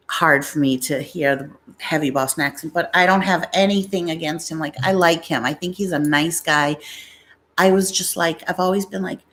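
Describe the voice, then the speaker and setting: Middle-aged woman live-streamer from New York, chatty and blunt, lower-pitched, close ASMR mic. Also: fairly bright tone. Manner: chatty and blunt, many "like" fillers, tangents. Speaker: YouTube live-stream host. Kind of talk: casual live-stream chat. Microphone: ASMR microphone.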